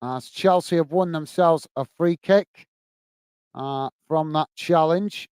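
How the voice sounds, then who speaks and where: On the high side yet darkish, clear and resonant, this Englishman's voice moves slowly as he commentates a live football watch-along from home. He chats with viewers and laughs frequently, with no room sound.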